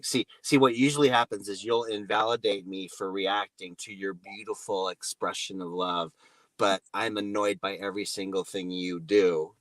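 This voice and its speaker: Gentle low-voiced male relationship coach. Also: fairly even intonation, no room sound, poor audio. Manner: slow, gentle, acts out example phrases. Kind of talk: interview guest.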